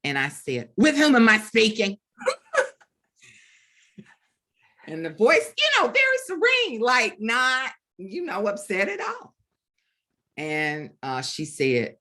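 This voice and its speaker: A middle-aged woman, an author, telling a story in an animated way at a bookstore event, with lots of fillers and restarts. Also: mid-range voice, slow pace, long pauses. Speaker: author guest. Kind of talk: storytelling conversation at a book event.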